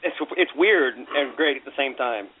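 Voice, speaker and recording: A man's voice: mid-range voice, normal speed, slight background noise. A man chatting casually, eager and tripping over his words. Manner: excitable, stumbling restarts. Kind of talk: casual chat. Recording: tinny phone-like audio.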